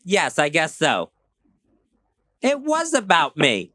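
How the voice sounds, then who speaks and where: A man's voice: fairly high pitch, huge pitch swings, slow, pauses often, pushed and bright, dry recording. A male radio co-host defending himself in aggrieved, defensive studio banter.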